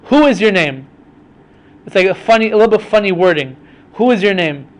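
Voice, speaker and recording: A young man with a notably high voice casually unpacks a Bible story for his podcast. He explains it conversationally, working Hebrew terms into his talk. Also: expressive, fairly quick. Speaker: podcast host teaching Bible stories. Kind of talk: casual Torah study talk.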